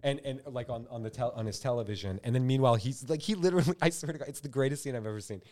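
A man's mid-range voice races along as he co-hosts a comedy podcast. The chat is casual and he's animated and joking, often breaking into mocking impressions.

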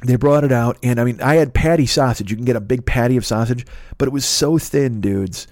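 A man's voice: medium pitch, a little fast, a little mellow, no room sound, studio quality. A middle-aged man from the Chicago area, telling a story in a casual, exasperated, profane rant as a podcast host. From Chicago area, USA.

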